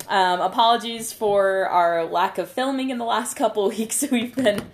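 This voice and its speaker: A woman's voice: mid-range voice, normal speed. A young woman co-hosting a casual chat, teasing her friend and laughing often. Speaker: co-host.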